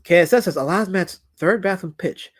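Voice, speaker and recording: A man's voice: sits high, moderate pace, fairly bright tone. A man streaming live as a comic creator, reading out chat comments in a rambling way that is full of stuttered repeats.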